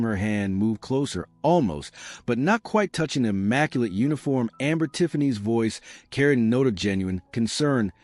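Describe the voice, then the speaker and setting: A man narrating a scripted story in a steady storytelling manner. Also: fairly low pitch, normal speed, dry recording.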